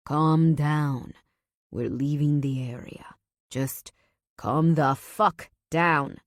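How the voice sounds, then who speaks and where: Brief: woman playing a controlling mafia husband, low and firm, dry close read. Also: steady tone, drawn-out words, dry recording. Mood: commanding. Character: domineering mafia husband, calm, commanding man.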